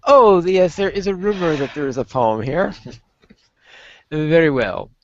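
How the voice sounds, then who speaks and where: A woman's voice: low voice, unhurried, dry recording, dull audio. A woman co-hosting a casual podcast, playful and a little theatrical. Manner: playful, theatrical when reading a silly poem. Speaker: podcast co-host.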